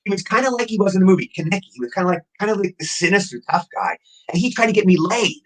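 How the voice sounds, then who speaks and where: A man in his sixties, an actor guest telling rapid, excitable anecdotes in a casual interview, often repeating words as he goes. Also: high-pitched, low-quality recording. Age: 60s.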